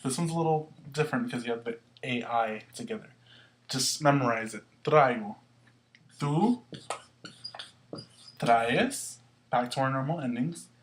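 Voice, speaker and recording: A man teaching a Spanish lesson, explaining slowly and patiently with some fillers. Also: mid-range voice, expressive, a little hiss or hum. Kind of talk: recorded classroom lesson.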